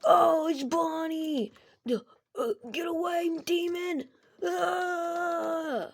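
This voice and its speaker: A woman's voice: mid-range voice, normal speed, darkish tone, no room sound, natural voice. A woman voicing a jumpy young male night guard who talks in a goofy, easily scared way. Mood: panicked.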